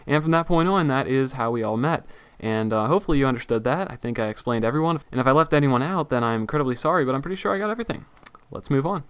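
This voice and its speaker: Fast-talking young gaming vlogger. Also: male voice, mid-range voice, lively intonation, smooth. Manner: fast, breezy, joking. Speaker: gaming YouTuber. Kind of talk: casual Q&A vlog.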